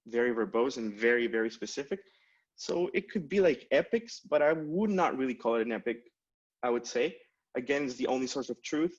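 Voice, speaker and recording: A man's voice: mid-range voice, highs cut off. A man giving a conference tech talk in a casual style, with many fillers and restarts. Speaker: conference speaker.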